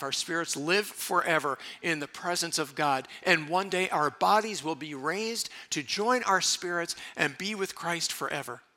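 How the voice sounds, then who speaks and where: A man's voice: fairly high pitch, bright, forceful tone. A man preaching a sermon as pastor, emphatic and repeating his key phrases for weight.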